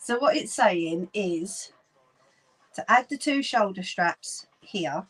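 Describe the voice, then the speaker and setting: A woman's voice: medium pitch, breathy edge, rough recording. A woman with a Cockney accent who hosts a casual live sewing chat, talking to her viewers as she works and often laughing. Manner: chatty, laughs often, talks to viewers while working. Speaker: sewing livestream host.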